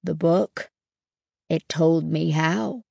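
A woman reading a storybook and voicing Stanley, a grown man on a farm who is simple, childlike and superstitious, speaking slowly and in a halting way. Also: gravelly, a little mellow, dry recording, clean studio sound, heavily acted. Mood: proud. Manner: slow, low and halting.

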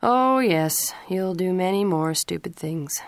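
A woman's voice: on the low side, lively intonation, slow pace, dry recording, studio quality. A woman reading the lines of a stern middle-aged father who lectures his teenage son firmly. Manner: firm, lecturing.

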